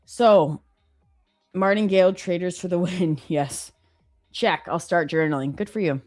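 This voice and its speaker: A woman's voice: on the low side, measured pace, a little mellow, no room sound, studio quality, faint music behind. A woman hosting a live trading stream, chatting casually, reading viewer comments and laughing often. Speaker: livestream host.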